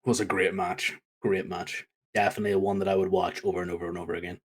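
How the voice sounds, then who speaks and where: A man co-hosting a wrestling podcast, talking casually in an animated, rambling way with many fillers. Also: low voice, quick pace, husky. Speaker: podcast co-host.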